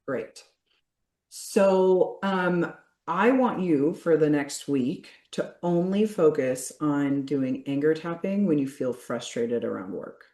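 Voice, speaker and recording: Role: blunt, high-energy woman coach with a lowish voice, heard over a video call in an echoey room. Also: takes it slowly. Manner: blunt and energetic, swears casually.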